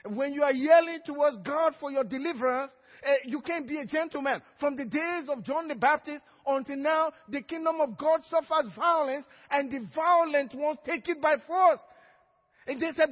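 A man's voice: very high voice, animated, moderate pace. A male pastor preaching a sermon in church, emphatic, often calling for an amen. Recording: dull, echoey church hall.

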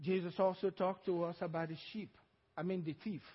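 High-voiced preacher in a reverberant hall. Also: male voice, fairly even intonation, breathy edge, dull audio. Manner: preaching with call-and-response, drawn-out emphatic phrases. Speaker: pastor. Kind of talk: sermon. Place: church hall.

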